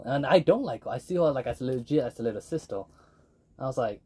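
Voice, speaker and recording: Casting: young guy, mellow husky voice, loose filler-heavy storyteller. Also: medium pitch, expressive, fast talker. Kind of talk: casual podcast chat.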